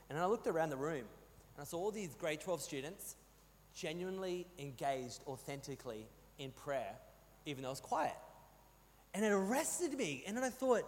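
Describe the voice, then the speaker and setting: High-voiced Australian pastor preaching in a hall. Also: male voice, brisk. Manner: animated storytelling, rising to loud emphasis. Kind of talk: sermon. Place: church hall. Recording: long hall reverb.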